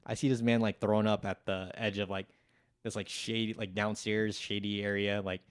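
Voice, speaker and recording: A man's voice: fairly low pitch, little pitch movement, normal speed, clear, resonant tone, dry recording, clean studio sound. A young man telling a rambling, profane story in casual chat as a podcast guest, acting out what others said. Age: young adult. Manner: rambling, swears freely, acts out quotes.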